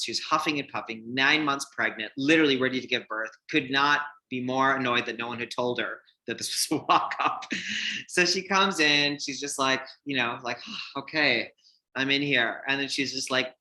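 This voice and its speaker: A man in his forties telling his hairdressing career story in a casual, animated way, acting out the people he quotes, with lots of fillers. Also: mid-range voice, poor audio.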